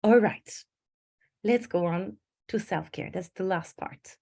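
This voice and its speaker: Woman coach, animated webinar talk. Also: medium pitch, slow. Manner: animated storytelling with acted inner voices. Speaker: stress management coach. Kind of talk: webinar presentation.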